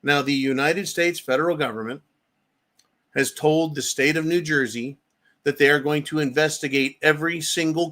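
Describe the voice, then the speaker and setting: A man's voice: fairly high pitch, a bit bright. A middle-aged man hosting a political commentary show, ranting angrily with profanity and sarcastic mock quotes.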